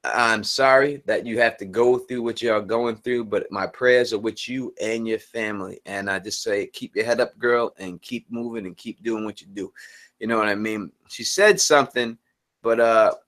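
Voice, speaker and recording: A man's voice: lowish voice, moderate pace, a bit bright. Earnest man talking on a live stream. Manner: earnest, repeats himself, restarts sentences. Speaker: channel host.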